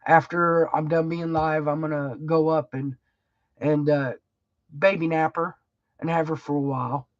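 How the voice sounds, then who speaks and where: Middle-aged woman, livestream chat, rambling and folksy, very slow, slightly muffled audio. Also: sits low, level tone, no room sound. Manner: rambling, emotional, laughs often, folksy phrasing. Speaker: livestream host. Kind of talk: casual heartfelt livestream chat.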